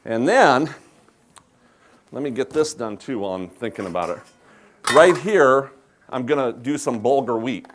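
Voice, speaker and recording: A man from South Dakota with an Upper Midwest American accent, chatting with a live audience in a folksy, joking way while demonstrating a cooking recipe. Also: on the high side. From South Dakota, USA. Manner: chatty, folksy, self-deprecating humor. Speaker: chef giving a cooking demonstration.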